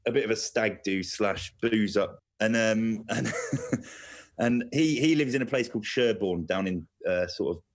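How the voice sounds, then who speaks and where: Male radio guest, low-ish voice, lively anecdotal teller. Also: moderate pace. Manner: animated storyteller, chuckling through fillers.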